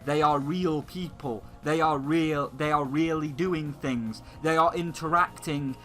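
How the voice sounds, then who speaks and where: Brief: fired-up male gaming host, cursing, repetitive, slightly high voice. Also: steady tone, unhurried, fairly bright tone, low-quality recording. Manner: heated, swearing, repetitive ranting. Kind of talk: profane video game rant.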